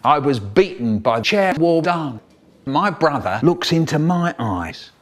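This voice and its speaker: A man spins a comic first-person story with an animated, exaggerated delivery. His voice sits a little high for a man and swings widely up and down as he hams it up. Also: slow pace.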